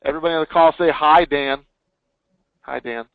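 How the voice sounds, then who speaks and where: A man's voice: on the high side, brisk, creaky, clean tone, no echo. Male webinar host, hyped salesy energy, thin phone-quality audio. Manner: energetic, hyped promotional delivery. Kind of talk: casual webinar chat. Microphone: call or webinar line. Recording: tinny phone-line audio.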